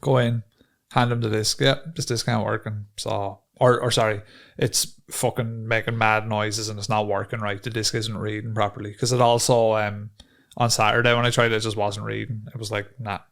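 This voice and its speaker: A man's voice: on the low side, flat delivery, moderate pace, vocal fry, fairly bright tone. An Irish man co-hosting a podcast, telling a profane, ranting story in casual chat. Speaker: podcast co-host.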